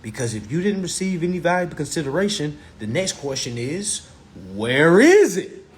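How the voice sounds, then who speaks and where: A man leads a casual live teaching session in a fairly high voice that swings widely in pitch. He drives points home with repetition, rhetorical questions and blunt swearing. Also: lively intonation, brisk.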